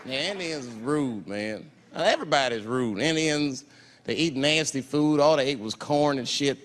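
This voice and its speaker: A man doing a stand-up comedy set, telling a story in an animated way on a theater stage into a handheld mic. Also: moderate pace. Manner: animated storytelling, jumps into shrill put-on voices. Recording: hall reverb, crowd laughter noise.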